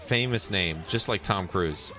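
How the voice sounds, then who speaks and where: A man's voice: sits low, unhurried, pushed and bright, soft background music. A man co-hosting a podcast in a casual, playful chat, often talking over his co-host.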